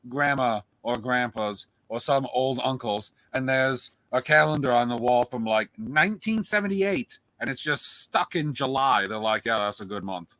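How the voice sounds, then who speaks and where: A man co-hosting a casual podcast, telling joking stories in an animated way. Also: medium pitch, no echo. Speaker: podcast co-host.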